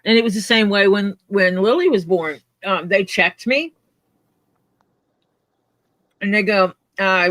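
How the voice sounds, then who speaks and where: A man with a high, bright voice chatting casually and telling stories with dry humor. The sound is close and dry. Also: moderate pace, no echo. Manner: dry, joking storyteller. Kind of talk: casual chat.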